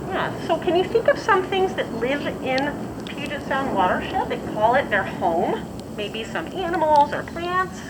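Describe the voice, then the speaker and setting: Woman, educator, classroom guidance, asks questions, higher voice, loud noise behind. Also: very animated, measured pace. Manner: clear, guiding, asks questions. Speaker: station educator. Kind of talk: classroom lesson with students.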